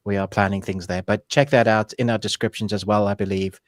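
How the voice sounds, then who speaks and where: A man's voice: lowish voice, steady tone, brisk, no echo, clean studio sound. A man co-hosting a review livestream, talking casually in an easygoing, rambling way. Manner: easygoing, rambling housekeeping announcements. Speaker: co-host of a film and anime review show.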